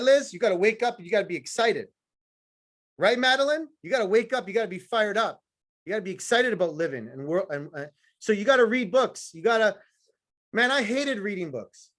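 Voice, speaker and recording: A man with a notably high-pitched voice delivers a live motivational talk to a sales team. He is blunt and profane, teases his listeners, and hammers his points home in short, repeated phrases. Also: a bit bright. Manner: blunt, profane, fired-up, teasing the audience; repetitive punchy phrasing. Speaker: motivational speaker.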